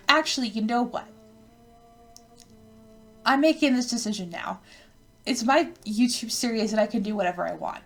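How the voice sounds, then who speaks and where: A woman's voice: on the high side, moderate pace, long pauses, faint music behind. A woman hosting a let's play of a visual novel, reading the game text aloud and breaking off into rambling, self-interrupting rants.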